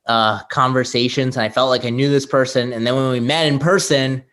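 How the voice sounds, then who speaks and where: A man answering interview questions as a podcast guest, relaxed and reflective. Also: mid-range voice, a little fast. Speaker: podcast guest, app founder.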